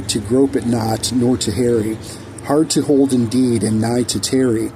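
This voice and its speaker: A poet reads his own rhyming verse in a dark, mellow, medium-pitched voice, measured and full of archaic phrasing, occasionally halting to restart a line. The rough recording carries faint noise and passing traffic beneath him.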